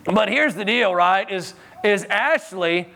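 High-voiced conversational male preacher. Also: takes it slowly, vocal fry. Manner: conversational and animated, with chuckles and repeated words. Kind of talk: sermon. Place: church.

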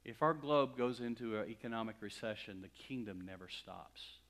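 A male pastor preaching a sermon, building to emphatic, louder swells and then dropping to hushed, slow asides. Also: fairly low pitch.

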